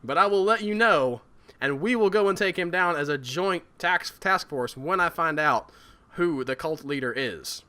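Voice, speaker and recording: A man's voice: on the high side, lively intonation, normal speed, bright, forceful tone, smooth. A man voicing a cagey male schemer with a put-on Southern US drawl, guarded and holding onto his leverage. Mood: guarded, scheming.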